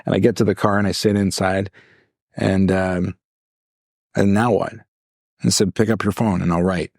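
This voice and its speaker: A man co-hosting a podcast as a life coach, telling a long story in an animated way, acting out voices and laughing often. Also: low voice, moderate pace, gravelly, no room sound, clean studio sound. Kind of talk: casual storytelling chat.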